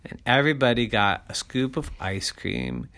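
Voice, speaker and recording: A man narrating a bedtime story to children in a slow, animated way. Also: medium pitch, creaky.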